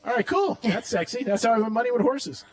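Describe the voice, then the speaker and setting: Brash male radio host, high voice, joking storyteller who laughs a lot. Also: fast talker. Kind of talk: casual radio banter and live ad reads.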